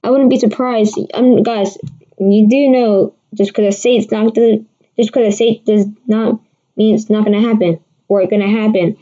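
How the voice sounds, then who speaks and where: Her voice is medium in pitch, steady and warm, her pace moderate. Hosting a laid-back weather livestream, she answers viewers with plenty of restarts and rambling, over dull lo-fi audio.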